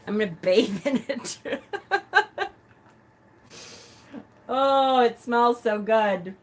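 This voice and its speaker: A woman hosting a casual live stream, a self-described loud talker who gushes and laughs often. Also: a little high, very animated, drawn-out words, pauses often.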